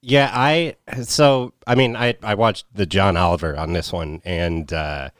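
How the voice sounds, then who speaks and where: A man's voice: low-pitched, fairly even intonation, measured pace, no room sound, clean studio sound. A man co-hosting a podcast in casual, profane, wisecracking chat. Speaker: podcast co-host.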